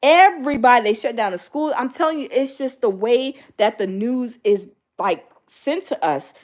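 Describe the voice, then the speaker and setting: Animated high-voiced middle-aged woman host. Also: normal speed. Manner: animated, acts out voices of others, many fillers. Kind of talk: casual chat to live viewers.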